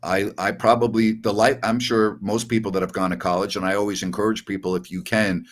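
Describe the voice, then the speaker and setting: A man's voice: on the low side, level tone, fairly quick. A man in his sixties from New York, hosting a podcast and telling rambling stories with chuckles. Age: 60s. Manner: rambling storyteller, chuckles often. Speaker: podcast host. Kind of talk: casual chat.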